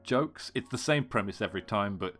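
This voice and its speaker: A man from the UK co-hosting a podcast in casual chat, with a dry manner, his sentences trailing off quietly. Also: lowish voice, animated, brisk, faint music behind. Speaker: podcast co-host.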